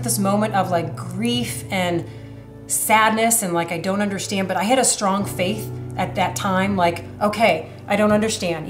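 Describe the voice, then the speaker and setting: A woman in her thirties shares her testimony in an earnest, emotional way, full of fillers and restarts. Her voice sits a little low. The room sounds echoey, with music playing clearly underneath. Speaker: church member sharing her testimony. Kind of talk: personal testimony interview.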